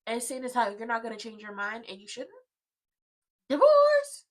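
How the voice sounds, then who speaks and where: A woman's voice: fairly high pitch, little pitch movement, fast talker, rough recording. A woman hosting a casual soap opera watchalong, recapping scenes with sass and drama. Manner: sassy, dramatic, acts out the characters' lines.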